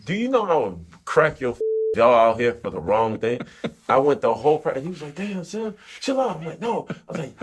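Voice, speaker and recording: A man, a retired football player, telling stories in an animated interview, acting out quotes, swearing freely and laughing as he talks. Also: mid-range voice, fairly quick, heavy background noise.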